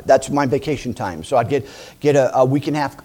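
A middle-aged man preaching a lively sermon, laughing and acting out voices as he tells stories. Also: mid-range voice, fast talker.

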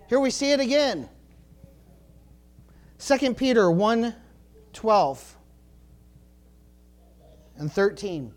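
A male pastor preaching a sermon, swinging from low, quiet emphasis to fervent shouts and often saying praise the Lord. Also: sing-song, very slow, long pauses. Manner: rising to fervent shouting when stirred, dropping low for emphasis; peppers talk with praise the Lord and glory to God.

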